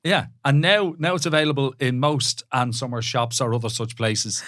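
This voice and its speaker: A man's voice: mid-range voice, fairly bright tone, dry recording, clean studio sound. A man co-hosting a podcast in a casual, teasing way, often tripping over his words. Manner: teasing, quick to joke, stumbles over words. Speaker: podcast co-host. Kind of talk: casual chat.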